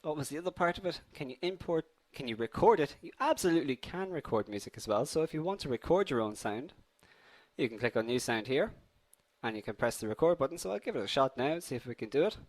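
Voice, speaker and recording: A man's voice: on the high side, animated, fast talker. A young man hosting a live online coding tutorial, upbeat and chatty, addressing viewers as guys while a slight cold affects his voice.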